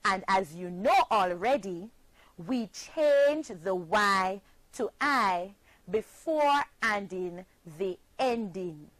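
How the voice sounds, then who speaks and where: A woman teacher from Jamaica giving a scripted spelling lesson, speaking slowly and spelling words out letter by letter. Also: mid-range voice, lively intonation, no echo, poor audio.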